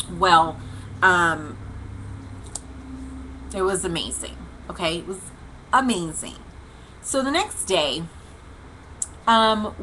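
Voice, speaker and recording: Livestreaming from home through a webcam or computer mic, a woman hosts a casual devotional vlog, telling a long story in a chatty, rambling way full of fillers and restarts. Her lowish voice sounds pushed and bright. The recording is rough, with a little hiss or hum.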